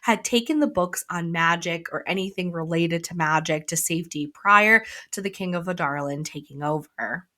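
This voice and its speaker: A woman's voice: fairly low pitch, normal speed, hardly any pauses. Chatty woman retelling a book. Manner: relaxed retelling with many "like" fillers. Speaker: podcast co-host. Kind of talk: casual book club chat, summarizing chapters.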